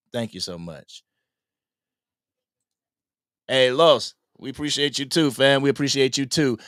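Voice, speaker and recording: A man hosting a live-stream sports fan podcast, talking in a slangy, animated way and reading out comments from the chat. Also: mid-range voice, clear, resonant tone, dry recording, clean studio sound. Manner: animated, slangy, laughs often. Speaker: podcast host.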